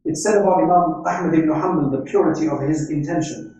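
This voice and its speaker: A man lectures on faith, weaving in stories and Arabic quotations and asking "right?" along the way. His voice sits a little high and sounds dark and mellow. He stands well back from the microphone in a strongly reverberant hall. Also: fairly even intonation, a little fast, slight background noise. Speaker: Islamic scholar lecturing. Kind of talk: religious lecture. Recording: echoey hall, speaker far from mic.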